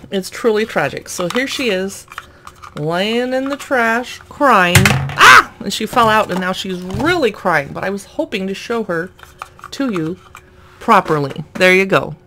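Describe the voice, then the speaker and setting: A woman's voice: mid-range voice, animated, measured pace, noisy background. A woman casually narrating a toy unboxing, chatty and amused, often laughing at the items.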